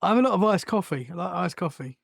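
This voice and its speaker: A British woman chats easily on a podcast, giggling often. Her voice has a gravelly, creaky edge and rises and falls expressively. The sound is close and dry. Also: lowish voice, expressive, fast, dry recording. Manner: giggly, easygoing, laughs often. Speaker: podcast co-host. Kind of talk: casual chat.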